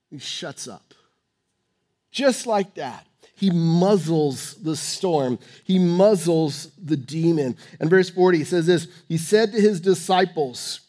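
High-voiced preacher man, emphatic. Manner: emphatic, swinging between loud urging and hushed tones. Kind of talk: sermon.

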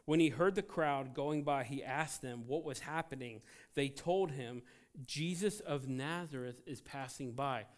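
A man preaching a sermon as pastor, emphatic and animated, swinging between loud outbursts and quiet asides. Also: mid-range voice, a little slow. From United States.

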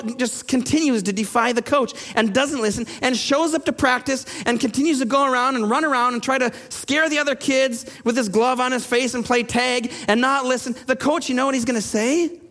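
A man's voice: extremely high pitch, a bit bright, in a large hall. A man in his thirties, a pastor preaching a sermon, telling stories and then pressing his listeners with urgent questions. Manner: storytelling, rising to urgent challenges. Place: church sanctuary.

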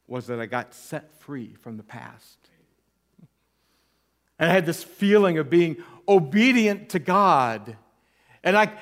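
A man, an interim pastor, giving a personal testimony sermon with candid storytelling, earnest and self-deprecating. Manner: earnest, softening low at emotional points.

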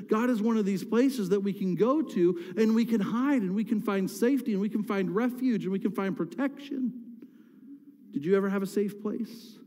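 Preaching to his congregation in a church sanctuary, a pastor speaks in a warm, high-sitting voice. He keeps things conversational but rises now and then to impassioned cries, and the hall's reverberation fills the recording.

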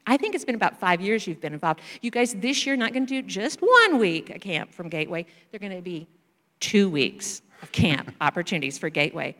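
A woman missionary sharing stories in a church talk, animated and acting out children's voices. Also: mid-range voice, brisk. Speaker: missionary speaker. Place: church sanctuary. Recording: reverberant church hall.

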